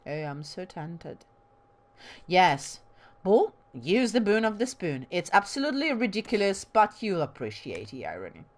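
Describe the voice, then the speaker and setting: Her voice sits on the low side and moves in a sing-song way, a little slow. She's a woman from Bologna hosting a let's play, with drama-school trained diction and a light Italian accent touched by a Bolognese lilt, giving casual gameplay commentary full of rambling, self-deprecating asides.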